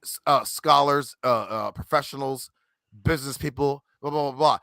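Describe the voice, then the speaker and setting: A man's voice: mid-range voice, normal speed, vocal fry, sharp tone, dry recording, studio quality. A man in his forties talking on a livestream panel, emphatic and combative, boasting and swearing as he argues. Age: 40s. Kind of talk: heated livestream chat.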